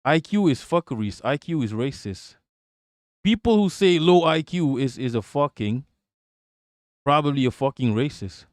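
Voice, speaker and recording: A man's voice: mid-range voice, expressive, normal speed, dry recording, studio quality. Profane man riffing on live chat. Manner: profane, rambling, answers chat off the cuff. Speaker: livestream host. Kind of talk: casual livestream chat reading viewer comments.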